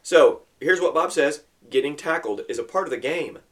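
A man's voice: on the high side, moderate pace. A man hosting a Christian podcast with his boys, praying and telling lessons in a fatherly, storytelling way. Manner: warm fatherly storytelling, teaching his sons; earnest prayer. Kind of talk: Christian family podcast talk.

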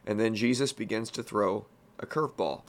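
A man's voice: lowish voice, normal speed. A man teaching through a Bible passage in a plain-spoken, folksy way, full of casual asides. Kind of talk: conversational Bible teaching podcast.

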